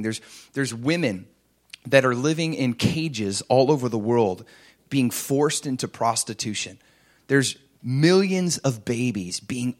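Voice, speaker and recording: A middle-aged man preaching a sermon, impassioned, swinging between loud emphatic lines and soft hushed ones. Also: mid-range voice.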